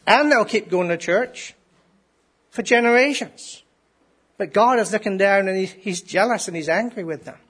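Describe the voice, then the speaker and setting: A man's voice: sits high, moderate pace, fairly bright tone, slightly rough. A man preaching a sermon to a congregation in a conversational way, often asking rhetorical questions. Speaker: pastor.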